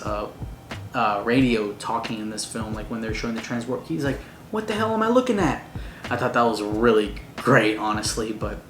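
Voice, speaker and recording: Male movie reviewer, mid pitch, gushing fan energy, echoey room. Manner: gushing, excitable fan talk with slang. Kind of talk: casual spoiler review. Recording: roomy echo, faint noise.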